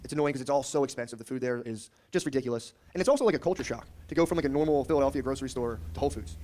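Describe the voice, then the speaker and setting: A man's voice: medium pitch, very fast, a little mellow, a little hiss or hum. A young man doing a casual, rambling stand-up comedy routine, riffing with lots of filler.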